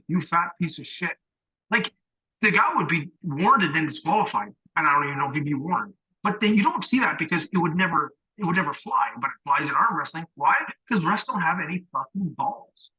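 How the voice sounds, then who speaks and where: Brief: husky male podcast co-host, stern profane rants, dull muffled sound. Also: a little high. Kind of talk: casual podcast chat.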